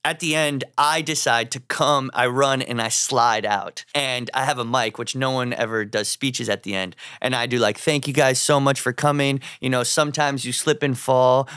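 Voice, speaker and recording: A man's voice: medium pitch, dry recording, studio quality. A young man, a fashion designer, telling a funny story in casual chat. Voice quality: animated storyteller, acts out quoted voices.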